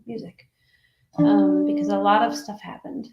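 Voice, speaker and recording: A woman musician chatting casually between songs on a livestream, halting and full of fillers and restarts. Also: mid-range voice, fairly even intonation. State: tearful. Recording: roomy sound with faint guitar.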